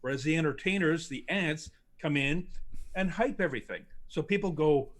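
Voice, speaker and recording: A man's voice: a little high, lively intonation, normal speed. A man co-hosting a casual livestream chat, opinionated, telling stories and mimicking other people's voices. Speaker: co-host.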